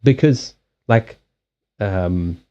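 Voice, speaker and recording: A man with a Southern African accent chatting on his livestream, his pitch swinging up and down as he gets animated. His voice is mellow and warm, he swears freely and laughs often. The mic sounds a bit dull and lo-fi. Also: extremely slow. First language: Portuguese. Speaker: card reader and livestream host. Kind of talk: casual livestream chat. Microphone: USB headset mic.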